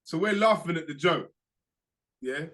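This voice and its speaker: Animated young man telling a story. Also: on the high side, unhurried. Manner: animated, acts out quoted voices, slangy. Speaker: podcast co-host. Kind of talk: casual storytelling chat.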